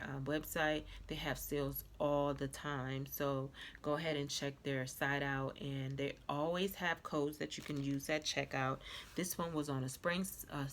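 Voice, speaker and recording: A woman vlogger with a stuffy nose, chatting casually through a clothing haul, repeating herself and filling pauses with "um". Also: low voice, a bit bright, a little hiss or hum. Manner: chatty, repetitive, many fillers. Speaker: fashion vlogger.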